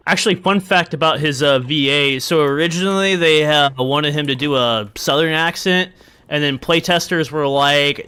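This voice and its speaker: A man chatting during a game stream, excitable and quick to react. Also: on the high side, clear, resonant tone. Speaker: co-player. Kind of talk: casual chat while playing.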